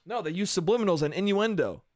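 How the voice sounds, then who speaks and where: A man's voice: high-pitched, animated, quick pace, no echo, clean studio sound. A man hosting a solo comedy podcast, rambling in a loose, profane, self-amused way with lots of restarts. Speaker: podcast host.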